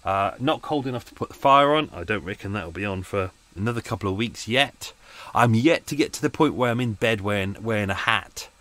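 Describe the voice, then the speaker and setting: A man's voice: lowish voice, expressive, a little fast, sharp tone, no echo. A man hosting a podcast, chatting casually and rambling from the cabin of his moored canal boat, with self-mocking asides. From England. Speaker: podcast host.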